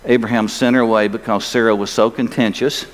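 A man's voice: on the low side, steady tone, brisk. Man preaching in a reverberant church. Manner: emphatic, rhetorical questions to the congregation. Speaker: pastor. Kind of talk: sermon. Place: church sanctuary. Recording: long hall reverb.

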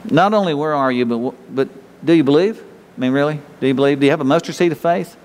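A man's voice: fairly high pitch, fast talker, a little mellow, clear, resonant tone. A man preaching a sermon in a folksy, conversational way, often restarting phrases and chuckling. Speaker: pastor. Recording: reverberant hall.

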